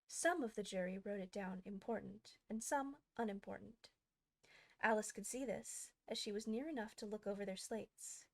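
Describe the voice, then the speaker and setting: A woman hosting a show where she reads a classic storybook aloud with a steady, clear delivery. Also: mid-range voice. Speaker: audiobook narrator, host. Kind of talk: storybook reading.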